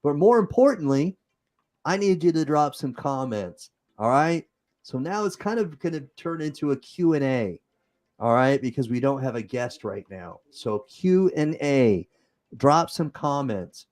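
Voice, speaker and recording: A man's voice: medium pitch, very animated, unhurried, darkish tone. Guy w/ utah accent hosting a live stream, rambly, improvising, reading comments. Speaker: host. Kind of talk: casual livestream chat.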